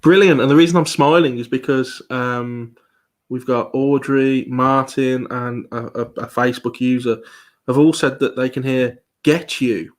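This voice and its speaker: A man giving a live online presentation as a paranormal investigator, talking with many pauses and restarts. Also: medium pitch, fairly even intonation. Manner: hesitant, many ums and restarts.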